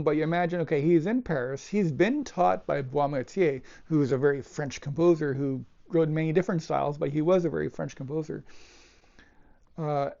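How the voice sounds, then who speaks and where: A man teaching a piece of music, talking it through thoughtfully with pauses and restarts as he demonstrates it. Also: a little high, mellow. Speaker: cellist teacher. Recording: dull lo-fi with cello playing. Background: cello phrases between remarks.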